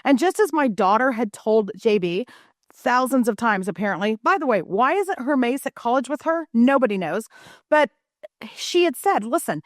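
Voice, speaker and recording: Lively woman telling a family story. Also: on the high side, normal speed, no echo, clean studio sound. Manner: animated storyteller acting out family scenes. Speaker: guest author. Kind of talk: storytelling in a podcast interview.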